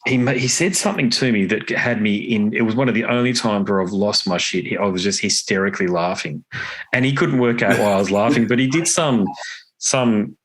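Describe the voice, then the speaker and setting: A man's voice: on the low side, a little fast, a bit bright. Chatty man telling stories. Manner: chatty anecdotal storyteller, laughs easily. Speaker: podcast guest, guitarist and podcaster. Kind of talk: casual interview chat.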